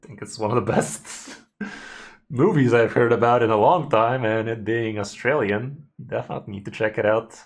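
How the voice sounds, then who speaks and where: A man's voice: mid-range voice, moderate pace. A man streaming a card game, giving casual commentary and chatting loosely with his viewers, with some mild swearing.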